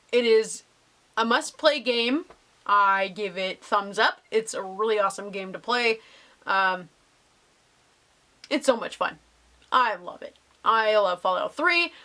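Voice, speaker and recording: A woman's voice: a little high, pushed and bright. A young woman casually answering viewer questions in a vlog, bubbly and gushing with lots of ums.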